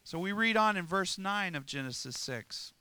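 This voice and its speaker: Male preacher, fairly high and tense, dry close sound, emphatic sermon with rhetorical questions. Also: expressive, moderate pace, sharp tone, clean tone, dry recording. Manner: emphatic, rhetorical questions, chuckles between points.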